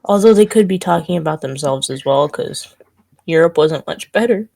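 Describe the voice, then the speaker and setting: A woman co-hosting a casual chat with her sisters, explaining her points in a measured way. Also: sits low, expressive, vocal fry, mellow. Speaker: podcast co-host.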